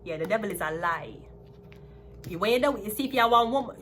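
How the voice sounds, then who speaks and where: This tarot reader, a Jamaican woman in her thirties, speaks fast in an expressive, mid-range voice with a fairly bright tone. Her reading is casual and emphatic, animated, with points repeated.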